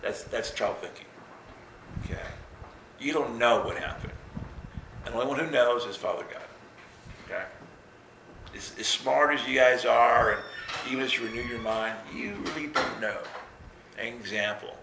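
A man preaching a sermon in a relaxed, conversational way, telling stories with self-mocking humor. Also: mid-range voice, normal speed, long pauses. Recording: roomy echo with faint noise.

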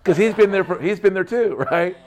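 A man's voice: high-pitched, brisk. A man giving a casual Christian testimony talk, emphatic and repetitive, often tagging his sentences with "right?". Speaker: Christian speaker.

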